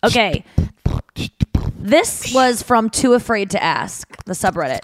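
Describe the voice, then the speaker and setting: A woman's voice: fairly high pitch, expressive, normal speed. Chatty woman co-hosting a podcast. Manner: chatty, reading out fun facts and posts. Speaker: podcast co-host. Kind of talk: casual podcast chat.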